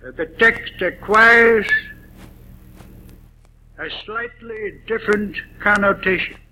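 Guy preaching slow and careful, high piercing voice, leans hard on words, lots of uh. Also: pushed and bright, faint music behind, poor audio. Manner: deliberate, stresses single words, frequent "uh" fillers. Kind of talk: sermon.

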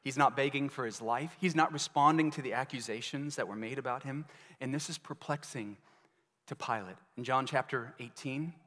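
A man's voice: mid-range voice, normal speed, sharp tone. A male pastor delivering a sermon in an earnest manner, asking his listeners many rhetorical questions. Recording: long reverb of a large hall.

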